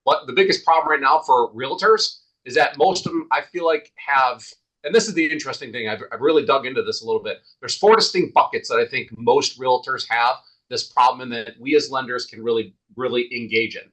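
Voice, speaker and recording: A man's voice: medium pitch, brisk, fairly bright tone, rough recording. A man talking as a guest in a casual podcast interview, emphatic and repeating points for stress.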